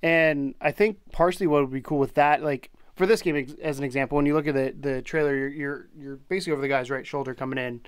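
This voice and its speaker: A man's voice: on the high side, steady tone, clean tone, no echo, studio quality. A man co-hosting a gaming podcast, talking casually, tripping over his words and swearing now and then. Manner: quick, stumbling, swears casually. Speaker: podcast co-host.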